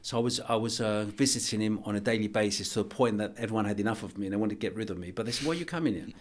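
Middle-aged guy telling a story on a podcast, low voice, earnest, keeps restarting his sentences. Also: little pitch movement. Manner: earnest, halting, with many restarts and soft pauses. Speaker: archbishop and boxing coach, guest. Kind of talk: emotional storytelling in a podcast interview.

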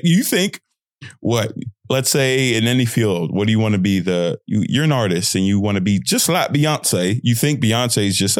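A man's voice: on the low side, dry recording, clean studio sound. A young man hosting his podcast, talking casually and bluntly, full of slang and tough-love advice. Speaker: podcast host. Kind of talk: casual motivational monologue.

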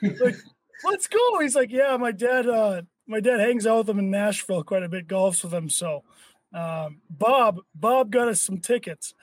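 A young man hosting a podcast, telling stories in an animated way, swearing and acting out quotes. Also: high-pitched, moderate pace, no echo. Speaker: podcast host. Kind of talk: casual chat.

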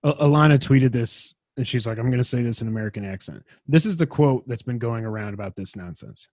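A man's voice: mid-range voice, quick pace, a little mellow, no room sound. A man hosting a casual gaming news podcast, rambling and enthusiastic, poking fun at himself. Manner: enthusiastic, rambling, self-deprecating. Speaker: podcast host.

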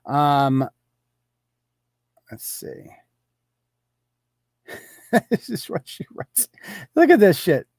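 A man's voice: fairly high pitch, sing-song, extremely slow, long pauses, a little mellow, dry recording. A man hosting a live online show, reading posts off his screen and firing back with sarcastic, profane mockery. He chuckles through his jabs. The sound is dry and close, with no room around it. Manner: reads posts aloud off screen and talks back to them.

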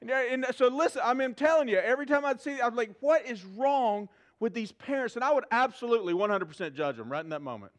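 A middle-aged man, preaching a sermon in a church to a live audience, animated and humorous, asking the crowd questions. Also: very high-pitched, very fast, hardly any pauses. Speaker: pastor.

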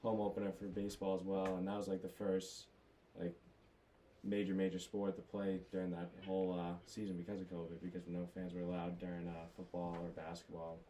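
A man's voice: sits low, completely flat delivery, brisk, dark tone, a little hiss or hum, poor audio. A young man with a Boston accent, a college baseball player, answering interview questions in a laid-back, rambling way. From Massachusetts. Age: young adult.

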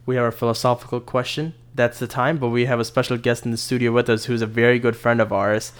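A man hosting a casual podcast, steering the chat with questions in a relaxed way. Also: mid-range voice, quick pace, clear, resonant tone. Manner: relaxed, leads the talk with questions. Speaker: podcast host.

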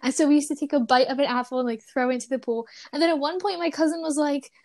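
A young woman hosts a casual podcast chat, telling a story from her childhood. Her voice sits high and she talks in an animated way, full of fillers, laughing as she goes. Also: fast. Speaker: podcast host.

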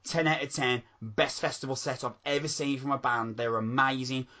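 A man co-hosting a podcast, chatting excitedly and swearing constantly. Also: mid-range voice, moderate pace. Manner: excitable, swears a lot, calls people mate. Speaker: podcast co-host. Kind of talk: casual chat.

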